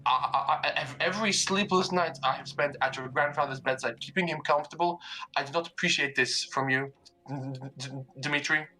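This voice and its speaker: A man's voice: on the high side, sharp tone, low-quality recording. A man voicing an agitated, stammering mother. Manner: stammering, rapid.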